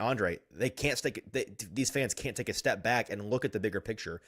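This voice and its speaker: A man hosting a sports talk show, reading out fan comments and ranting in an animated way with frequent chuckles. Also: lowish voice, normal speed, few pauses, breathy edge. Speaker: sports podcast host.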